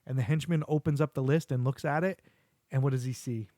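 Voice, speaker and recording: A middle-aged man hosting a podcast, chatting casually with his son and retelling cartoon scenes with quick quoted voices. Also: mid-range voice, steady tone, warm tone, no echo, studio quality. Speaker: podcast host.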